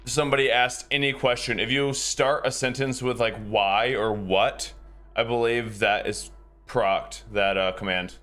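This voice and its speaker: A man's voice: mid-range voice, steady tone, measured pace, bright, forceful tone, faint music behind. A game streamer, a man, chatting casually with his live viewers in a rambling, easygoing way and chuckling often.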